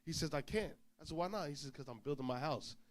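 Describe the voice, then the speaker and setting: Male preacher, higher voice, lively storyteller who acts out the dialogue himself, informal sermon. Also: quick pace. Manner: animated storyteller, acts out dialogue, swings loud and soft.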